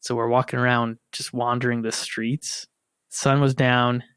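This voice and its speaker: A man's voice: medium pitch, a little slow, smooth, no room sound. American guy telling a story on a podcast, chatty, mic close and dry. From United States. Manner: animated storyteller, laughs and acts out quotes. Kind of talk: casual storytelling among siblings.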